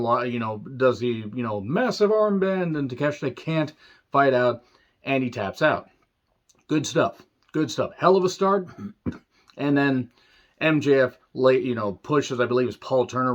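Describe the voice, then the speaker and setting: A tired man recapping a wrestling show in a casual solo review, rambling with fillers, wry asides and frequent throat-clearing. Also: mid-range voice, dull audio.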